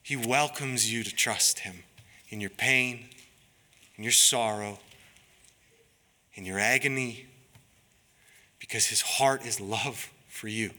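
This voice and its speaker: A pastor delivers an earnest sermon, his voice very bright and forceful. He preaches at an unhurried pace and pleads with his listeners. Long reverb from a large hall trails his words. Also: lowish voice.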